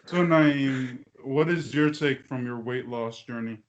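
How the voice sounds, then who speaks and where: A man hosts a casual podcast over a video call and asks playful, teasing questions. His voice sits at an ordinary middle pitch. The sound comes through dull and lo-fi. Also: measured pace, a little hiss or hum. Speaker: podcast host.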